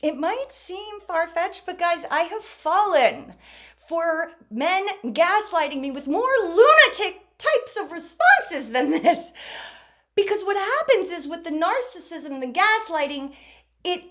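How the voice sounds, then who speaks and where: A woman vlogger talking casually to camera, animated, acting out quoted exchanges as she goes. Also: very high voice, a little slow.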